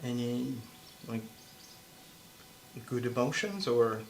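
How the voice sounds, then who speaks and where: A man hosting a casual car chat, talking slowly and hesitantly with frequent laughs, recorded inside a small old car. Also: mid-range voice, lively intonation. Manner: slow, hesitant, laughs often. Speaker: host. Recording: loud car and road noise.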